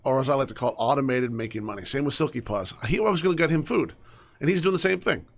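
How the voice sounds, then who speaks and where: A young man with a gravelly, fry-edged voice talks his way through a game, chatting casually to the characters on screen. He often drops into soft mutters, then picks back up in a mid-range voice. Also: mid-range voice, lively intonation, fast. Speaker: gaming streamer. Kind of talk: casual gameplay commentary.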